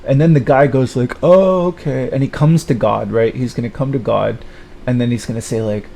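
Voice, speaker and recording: A man rants bitterly in a rambling livestream monologue. His voice is dark and mellow, and he keeps stalling on fillers and restarts. A faint hiss sits under the recording. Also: fairly quick, gravelly. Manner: mocks others in high put-on voices.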